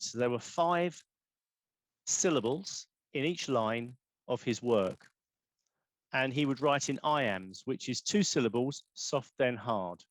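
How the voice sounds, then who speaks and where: A man's voice: medium pitch, no room sound. A man, poet in residence, giving a rambling, self-correcting online talk on poetry forms over a video call.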